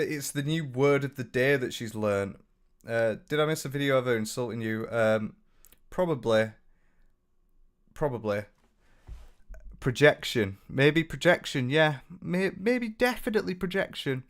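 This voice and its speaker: A man's voice: medium pitch, fairly bright tone. A young British man giving casual reaction commentary, blunt and sweary, mocking his subject and reading viewer comments aloud. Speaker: commentary YouTuber.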